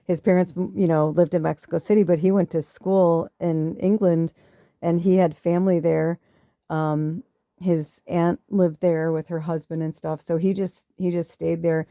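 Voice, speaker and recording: A woman's voice: flat delivery, moderate pace, dark tone, dry recording, clean studio sound. A middle-aged woman podcast host telling a personal story in a chatty way, swearing now and then. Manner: chatty, swearing, acts out quotes in a higher voice. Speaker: podcast host, spiritual medium. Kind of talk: casual storytelling.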